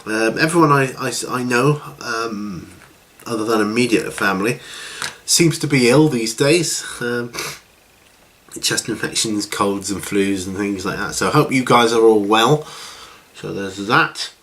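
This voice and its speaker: Middle-aged man, lowish voice, casual rambling vlog host. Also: a little slow. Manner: rambling, relaxed, with many fillers and restarts. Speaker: hobby channel host. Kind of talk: casual chat.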